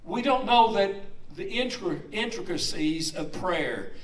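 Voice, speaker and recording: Male pastor, sermon, conversational, unhurried delivery, echoing room. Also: high voice, lively intonation, recorded from a distance. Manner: conversational, asks the congregation questions.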